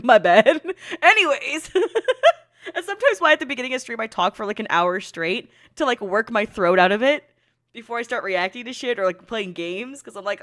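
A young woman with a high, bouncy voice that swings all over the place as she reacts to an anime. She giggles through her words and laughs herself to tears, calling herself dumb and swearing casually. She talks into a desk mic. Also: animated, moderate pace, a bit bright. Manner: giggly, self-mocking, swearing freely.

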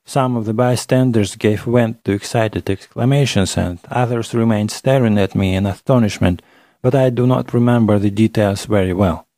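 A man narrating a classic novel in the first person, measured and literary, on a close studio mic. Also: fairly low pitch, mellow, no room sound. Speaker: audiobook narrator.

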